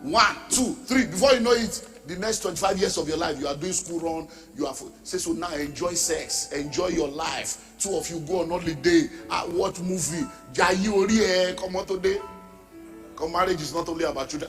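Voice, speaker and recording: A man's voice: high-pitched, fairly quick, fairly bright tone, big-room sound, faint music behind. A middle-aged Nigerian man preaching a sermon as pastor, emphatic, dropping into pidgin asides and mimicking the people he talks about.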